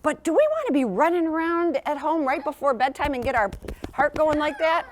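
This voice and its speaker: A woman leads a class of young children in a classroom, her voice pitched somewhat high. She talks in an encouraging, sing-song teacher manner and keeps checking that the kids are following along. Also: lively intonation, a little fast, slight background noise. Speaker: sleep program presenter. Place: school classroom.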